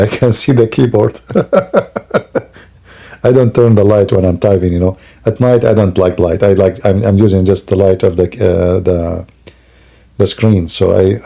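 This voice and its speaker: A man's voice: low voice, gravelly, mellow. A sleepy man talking to his live-stream audience at home at night, rambling, with broken grammar and many fillers. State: sleepy and yawning. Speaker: Christian apologist streamer. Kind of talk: casual live-stream monologue.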